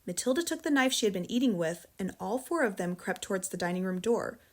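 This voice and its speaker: An American woman narrating a children's novel in a calm, measured storytelling voice. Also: mid-range voice. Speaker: audiobook reader. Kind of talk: audiobook narration.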